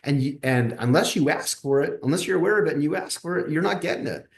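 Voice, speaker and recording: A man, a coach and guest on a podcast, talking casually and telling stories with lively acted-out dialogue. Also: fairly high pitch, fast talker, gravelly, reverberant. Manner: animated storyteller who acts out quoted dialogue. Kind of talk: casual podcast interview storytelling.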